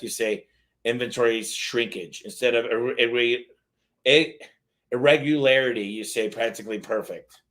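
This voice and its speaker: A man's voice: medium pitch, fairly bright tone. A man hosting a casual live question-and-answer stream, talking loosely and reading lists aloud.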